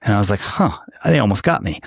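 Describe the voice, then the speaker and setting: A man's voice: on the low side, lively intonation, fast talker, creaky, husky, no echo, studio quality. A man co-hosting a podcast, telling rambling jokey stories in casual chat, from the United States. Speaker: podcast co-host.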